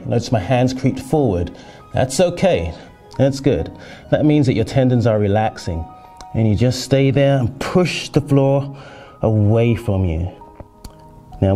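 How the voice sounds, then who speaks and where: Calm man coaching stretches, mellow voice. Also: mid-range voice. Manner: calm and reassuring, frequent "okay?" check-ins. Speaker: fitness instructor. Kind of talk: exercise instruction.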